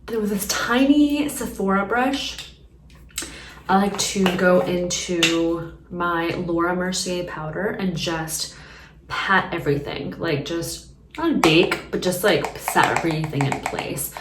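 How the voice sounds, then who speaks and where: A woman's voice: on the low side, takes it slowly, background noise. Chatty young woman in an echoey room. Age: young adult. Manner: chatty, rambling, lots of "like" fillers. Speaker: beauty vlogger. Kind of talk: casual makeup tutorial chat. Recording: echoey room, mic at a distance.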